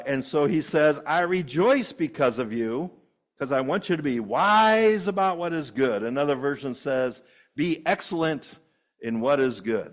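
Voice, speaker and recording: A male pastor delivers a sermon from a church sanctuary. He talks in an easy, conversational way, repeating phrases, using fillers and chuckling often. His pitch sits in the ordinary middle range for a man.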